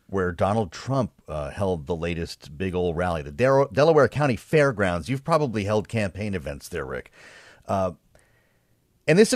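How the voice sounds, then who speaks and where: A man's voice: fairly low pitch, a little mellow, dry recording, studio quality. A male host leading a political discussion with a conversational, quipping manner.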